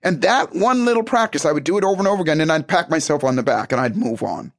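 Man, motivational speaker, animated and emphatic, fairly high voice. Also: fast talker. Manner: animated, emphatic, acts out conversations. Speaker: self-help speaker. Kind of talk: motivational talk.

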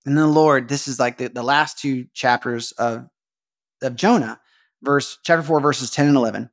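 A man's voice: mid-range voice, moderate pace. A man hosting a podcast, talking through a Bible passage in a casual, chatty way, with frequent "like" fillers and restarts. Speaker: podcast host. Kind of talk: casual Bible-study monologue.

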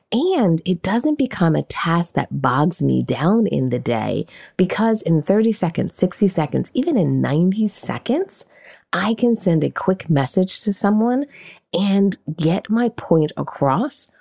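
A woman hosting a podcast, teaching in an animated, conversational way and often asking questions aloud. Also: fairly low pitch, vocal fry. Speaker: podcast host and marketing coach. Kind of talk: casual teaching monologue.

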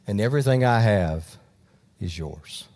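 A man voicing a gentle, loving father who pleads softly with his son. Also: lively intonation, measured pace. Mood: tender. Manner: soft, low, tender pleading.

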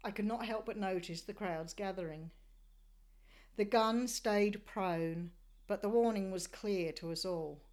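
A woman from Australia recounts a sailing voyage in scripted travel narration, using a measured, descriptive storytelling style. Her voice sits in the mid range with a darkish tone.

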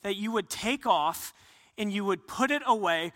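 A man's voice: sits high, animated, moderate pace, a bit bright, long reverb tail. A man preaching a sermon earnestly, often restarting phrases and acting out quotes. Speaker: pastor.

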